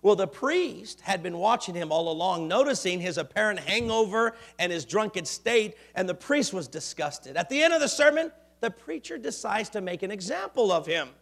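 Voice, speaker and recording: A man with a high voice preaches in a church sanctuary. He tells his story with energy and often swells into loud, ringing exclamations before settling back down. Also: expressive, moderate pace, vocal fry, few pauses. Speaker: pastor. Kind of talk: sermon.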